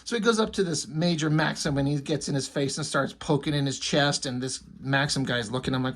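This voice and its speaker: A man's voice: on the high side, fairly quick, few pauses. A man rambling casually through a comic book review, enthusiastic and profane.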